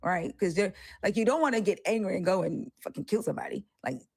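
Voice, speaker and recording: A woman's voice: medium pitch, fast, gravelly, husky, dry recording, studio quality. A woman co-hosting a casual discussion, talking bluntly and animatedly, swearing freely. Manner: animated, swears freely, acts out quoted voices. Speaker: co-host.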